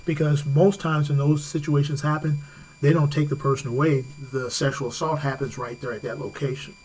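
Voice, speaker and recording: A man's voice: a little high, little pitch movement, brisk, darkish tone, slight background noise, rough recording. Chatty man giving safety advice. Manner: conversational, repeats words and restarts, laughs easily. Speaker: safety expert guest. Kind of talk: talk radio advice.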